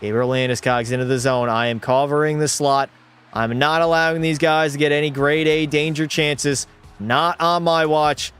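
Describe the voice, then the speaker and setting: A young man streaming a hockey video game live, commentating excitedly, swearing and chatting with viewers. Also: fairly high pitch, normal speed, smooth.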